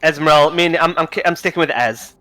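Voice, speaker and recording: Male player, slightly high, bright tone, jokey rambling delivery. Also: fast. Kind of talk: casual tabletop game chat.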